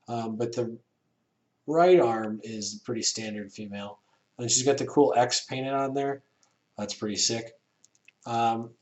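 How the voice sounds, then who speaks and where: A man casually reviewing an action figure, relaxed and rambling, with many fillers. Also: mid-range voice.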